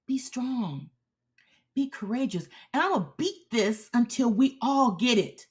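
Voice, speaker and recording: A woman host delivering a sermon, pressing each point with firm repetition. Her voice swings widely in pitch as she goes. She takes her time, leaning on every line. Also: expressive, unhurried. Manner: emphatic and repetitive, exhorting the listener. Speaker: preacher and show host. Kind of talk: preaching a sermon.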